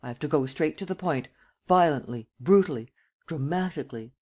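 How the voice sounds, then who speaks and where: A cool, self-assured gentleman thief who speaks with calm, sardonic ease, as a male audiobook reader voices him. He lays out his schemes with dry confidence in a storybook reading. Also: on the high side, a little fast, close to an everyday voice. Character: cool, cynical gentleman thief, middle-aged man.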